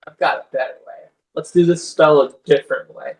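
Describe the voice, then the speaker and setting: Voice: mid-range voice, fairly even intonation, brisk, a little mellow, far from the mic. Casual game master narrating, roomy sound. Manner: loose, many fillers.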